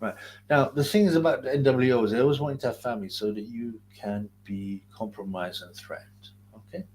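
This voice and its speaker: A man from Greater London hosts a casual livestream, rambling in slang and reading chat comments aloud. His mid-range voice is brisk with a darkish tone and a London accent.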